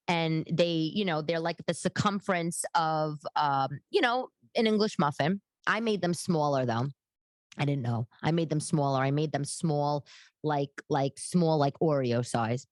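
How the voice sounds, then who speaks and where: Chatty New woman in her thirties hosting a casual chat. Low voice, dry close sound, prone to rambling tangents. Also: dry recording. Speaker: podcast host and comedian.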